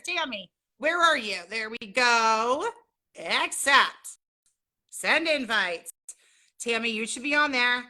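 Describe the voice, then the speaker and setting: Bubbly high-voiced woman greeting viewers. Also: big pitch swings, takes it slowly, bright, forceful tone. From Southern California. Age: middle-aged. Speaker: livestream host. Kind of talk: casual livestream chat greeting viewers.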